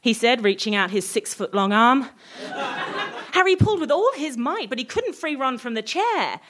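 Woman reader for a spoof story, giggly and playful, high voice. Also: sing-song, normal speed, noisy background. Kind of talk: comic reading of a parody story.

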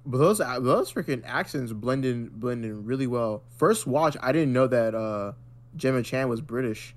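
A man's voice: mid-range voice, lively intonation, a little slow. An American man co-hosting a podcast, chatting casually and full of slang and filler words. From United States. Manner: slangy, says bro and freaking a lot. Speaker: podcast co-host. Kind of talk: casual chat.

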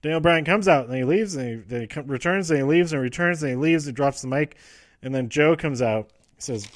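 A man's voice: a little high, no echo. Rambling man, dry close sound. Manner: rambling, frequent fillers and restarts, quotes wrestlers in quick asides. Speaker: podcast host recapping wrestling. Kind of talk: casual rambling recap.

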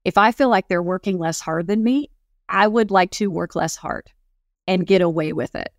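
A woman's voice: lowish voice, normal speed, no echo, clean studio sound. A middle-aged woman co-hosting a podcast in casual chat, reflective and storytelling, acting out little quotes. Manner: reflective, tells examples, acts out quotes. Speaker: podcast co-host.

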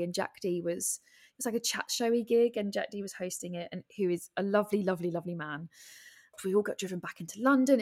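A woman on a podcast, chatting casually and telling personal stories with lively acted-out thoughts. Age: adult with a husband and a child. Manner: animated storytelling, acts out her own thoughts in high voices. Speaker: podcast guest, comedian and writer. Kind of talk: casual interview chat.

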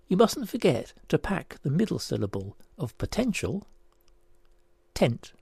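A man presenting a scripted word puzzle, deliberately spelling out each step. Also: a little high, very animated, creaky, darkish tone, husky, no echo.

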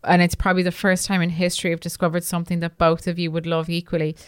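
A woman co-hosting a podcast, speaking in a measured, wry way. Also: lowish voice, little pitch movement, clear, resonant tone, no room sound, studio quality. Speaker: podcast co-host. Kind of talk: casual chat.

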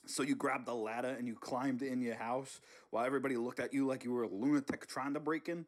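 A man's voice: medium pitch, fairly even intonation, fast, natural voice. A man voicing a grumbling older male politician who sneaks into a house, muttering and swearing under his breath. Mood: pleading. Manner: hushed muttering, cranky swearing. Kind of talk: comedy sketch impression.

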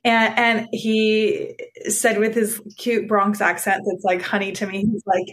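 A woman's voice: mid-range voice, little pitch movement, unhurried. A woman psychotherapist telling personal stories in conversation, earnest and reflective, often restarting her sentences. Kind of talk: conversational storytelling.

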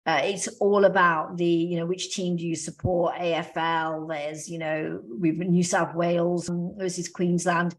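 A woman's voice: fairly low pitch, flat delivery, measured pace, hardly any pauses. A woman co-hosting a casual podcast chat, thoughtful, working her ideas out aloud with restarts. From Australia. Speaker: podcast co-host.

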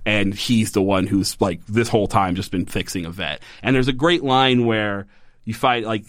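A man's voice: lowish voice, moderate pace, no room sound, clean studio sound. Chatty man recapping a show. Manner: rambling, filler-heavy, animated when quoting characters. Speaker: podcast co-host. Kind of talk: casual TV episode recap chat.

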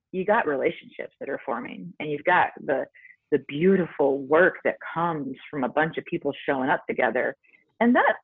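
A woman's voice: sits low, husky, dry recording. A woman in her forties, a podcast guest, talking in a casual, earnest and reflective way with many filler words. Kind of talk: casual interview chat. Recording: dry, tinny phone-like line.

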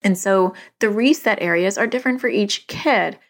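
A woman's voice: mid-range voice, normal speed. A woman in her thirties talking casually into a microphone as a podcast host, chatty and self-deprecating. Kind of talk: casual solo talk. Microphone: studio microphone.

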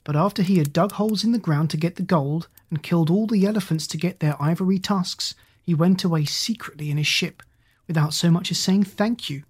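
A man's voice: high voice, a little fast, husky. A reader voicing a stern, proud king in a storybook.

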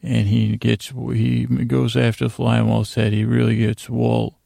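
A man's voice: medium pitch, monotone, a little slow, creaky, warm tone, dry recording, clean studio sound. A man hosting a sleep podcast, retelling a TV episode in a rambling, meandering way with loose fillers.

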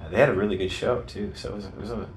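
Deep-voiced older rock singer telling stories. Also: male voice, racing, a little hiss or hum. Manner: animated, breaks into voices of people in his stories. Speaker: lead singer, interview guest. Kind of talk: casual storytelling.

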